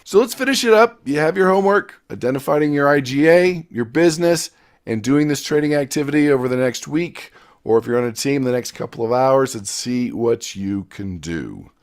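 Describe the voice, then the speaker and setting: A man teaching a motivational business class, energetic and storytelling, with loud emphatic bursts and quiet asides. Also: mid-range voice, normal speed. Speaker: success coach.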